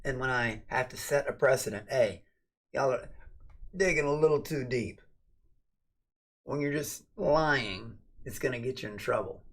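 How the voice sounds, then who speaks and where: A man's voice: mid-range voice, unhurried, pauses often. Streamer host, male, mid-range voice; loose, profane, rambling late-night chat. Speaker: livestream host.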